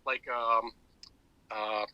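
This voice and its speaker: A man with a very bright, keen-edged voice talks in a casual podcast chat. He rambles in an animated way and restarts his sentences often. The sound is close and dry, with no room around it. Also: medium pitch, drawn-out words, clean tone, no echo, highs cut off. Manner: rambling, animated retelling with many restarts and fillers. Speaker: podcast co-host.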